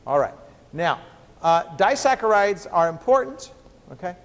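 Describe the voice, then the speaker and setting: A man's voice: high-pitched, big pitch swings, a little slow. A man who is a biochemistry professor, giving a joking university lecture full of rhetorical questions to the class. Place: lecture hall. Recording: reverberant lecture hall.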